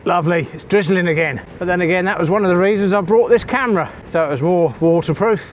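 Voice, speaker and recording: A man's voice: sits high, fast, muffled recording. A man talking casually to viewers while cycling outdoors, a bit out of breath, on a small clip-on mic. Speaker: cycling vlogger. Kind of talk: casual vlog talk while riding. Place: outdoors on a bike. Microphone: small wireless clip-on mic. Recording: faint outdoor noise.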